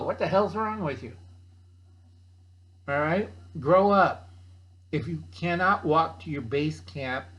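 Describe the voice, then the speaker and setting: Older man, sixties, casual vlog host, gruff and blunt with a joking streak, voice sits a little high. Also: a bit bright, lo-fi sound. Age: 60s. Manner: gruff, blunt, jokey, calls himself by name; acts out other people's voices in a higher pitch. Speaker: channel host. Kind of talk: casual rambling chat.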